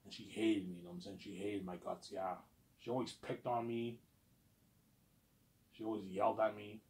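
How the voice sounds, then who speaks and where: A man in his thirties with a somewhat low voice tells a story in a loose, casual monologue. He circles back on himself, repeats lines, and swears freely. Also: little pitch movement, moderate pace, a little mellow. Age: 30s. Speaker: vlogger.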